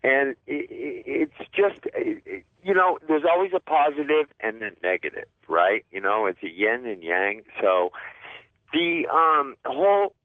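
A man calling in to a radio show, rambling with quick restarts. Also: mid-range voice, sing-song, no room sound. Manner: rambling, quick restarts, laughs mid-sentence. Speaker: caller. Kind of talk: phone-in talk. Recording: phone line.

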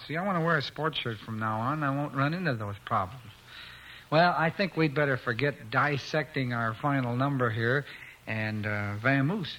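A man's voice: mid-range voice, sharp tone, slight background noise, low-quality recording. A man hosting a 1950s radio music show, bantering in a folksy, joking way. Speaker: radio host and guitarist.

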